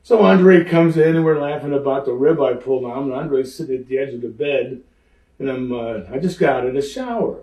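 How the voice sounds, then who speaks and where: An older man, a former pro wrestler, telling lively stories in an interview and acting out the people in them. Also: medium pitch, brisk, recorded from a distance. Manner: animated, acts out the people in his stories. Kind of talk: lively anecdotal storytelling. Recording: roomy echo, speaker off-mic.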